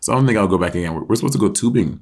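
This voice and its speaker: Animated man telling stories. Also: lowish voice, very fast. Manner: animated storyteller, swears, acts out quotes. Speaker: podcast co-host. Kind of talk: casual chat.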